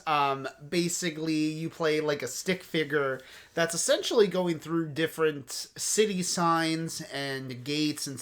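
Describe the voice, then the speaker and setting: A man's voice: on the high side, fairly bright tone. A man hosting a casual podcast chat, tired and laid-back, who chuckles often and uses lots of fillers. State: tired, yawning. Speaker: podcast host.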